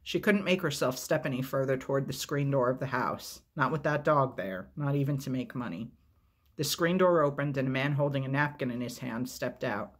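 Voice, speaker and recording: A man reads a novel aloud as a storyteller, in a steady, measured, unhurried way. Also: medium pitch.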